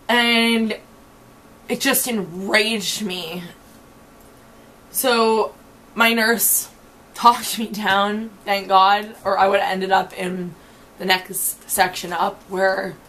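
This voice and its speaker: A woman's voice: mid-range voice, a bit bright, slight background noise. A woman telling her story in a personal video diary. She talks bluntly and swears often, with a lot of feeling. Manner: blunt, profane, emotionally intense storytelling. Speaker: video diarist.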